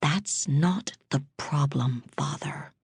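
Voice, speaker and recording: A woman voicing a cold, unhinged male killer in an audiobook, speaking in a husky, taunting way that turns eerily calm. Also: no echo, exaggerated voice. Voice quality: husky, low and slow. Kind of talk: audiobook character voice.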